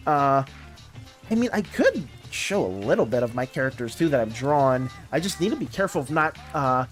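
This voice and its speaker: This young adult livestreamer talks in a loose, rambling way and keeps circling back and restarting sentences. The pitch swings widely as they chat, and the voice sits at a middling height. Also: normal speed, soft background music. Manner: rambling and animated, many restarts and fillers. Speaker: livestreaming artist chatting with viewers.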